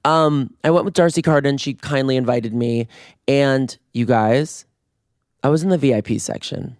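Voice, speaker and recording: A man hosting a casual solo podcast, playful and campy, breaking into screams, his voice going hoarse. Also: medium pitch, moderate pace, a little mellow, no room sound, studio quality. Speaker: podcast host. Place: residence room in Toronto. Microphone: podcast mic on video.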